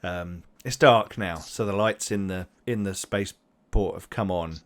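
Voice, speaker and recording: A man running a tabletop role-playing game as game master, narrating in a rambling, animated way with sound effects. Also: low-pitched, a little slow, dry recording.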